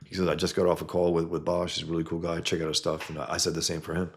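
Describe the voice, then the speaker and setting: A man's voice: deep voice, completely flat delivery, racing, creaky, a little hiss or hum. A man hosting a casual livestream, reading chat comments and rambling bluntly, often trailing off mid-sentence.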